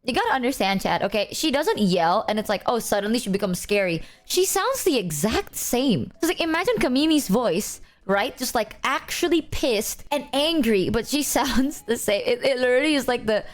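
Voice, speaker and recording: A young woman streamer in casual chat, telling animated stories and acting out friends in exaggerated voices. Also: a little fast, few pauses. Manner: animated storyteller, acts out friends in high voices. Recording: faint music underneath.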